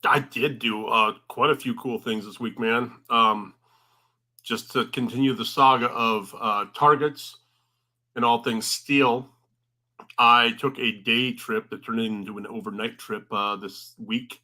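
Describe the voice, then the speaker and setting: A man's voice: mid-range voice, steady tone, a little slow, pushed and bright. A man co-hosting a podcast, telling rambling casual stories full of "uh" and "um". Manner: rambling storyteller, lots of "uh" and "um". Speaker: podcast co-host.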